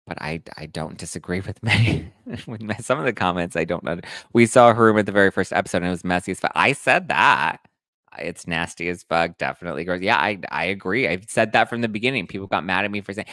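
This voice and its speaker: A man hosting a casual live stream, reading viewer comments aloud with animated mock outrage. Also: low voice, fairly quick, dry recording, clean studio sound. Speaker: host reading live chat.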